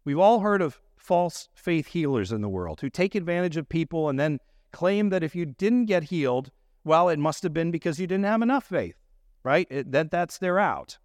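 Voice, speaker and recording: A man's voice: a little high, animated, normal speed, no room sound, clean studio sound. A man pastor preaching a sermon, explaining scripture in an earnest, teaching manner.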